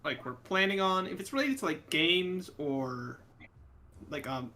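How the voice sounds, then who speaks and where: A young man talks casually on a podcast, his voice bright and a touch high. He delivers crude jokes in a dry, offhand way. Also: animated, a little slow. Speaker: podcast co-host. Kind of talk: casual chat.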